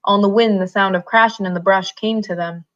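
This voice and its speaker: A woman reading a novel aloud at a steady, unhurried pace, in a slightly muffled recording. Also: mid-range voice. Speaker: reader.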